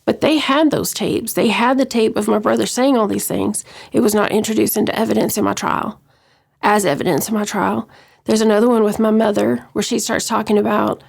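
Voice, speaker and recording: Gravelly-voiced woman, hesitant. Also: a little high, fairly even intonation, brisk, darkish tone. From West Texas. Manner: hesitant, many ums and restarts. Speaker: interview guest. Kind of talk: personal account in an interview.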